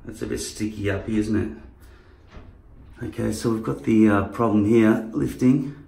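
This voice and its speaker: A man with a low, gravelly voice rambles casually through a vlog, swearing often. The sound bounces around an echoey room. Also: steady tone, moderate pace, mellow. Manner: rambling and profane. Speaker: vlogger. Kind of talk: casual chat.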